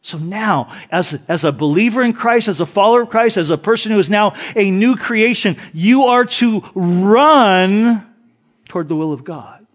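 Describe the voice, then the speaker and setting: A man's voice: sits high, a little fast, hardly any pauses. A middle-aged male pastor preaching a sermon, mixing scripture readings with humorous stories. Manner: animated storytelling with jokes and scripture reading.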